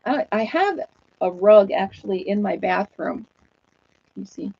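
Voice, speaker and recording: A woman's voice: medium pitch, expressive, unhurried, vocal fry, husky, no echo. A woman in her forties hosting a casual livestream, chatty and laughing often as she reads comments. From New York State. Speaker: livestream host chatting with viewers. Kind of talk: casual chat. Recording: dull, dry sound.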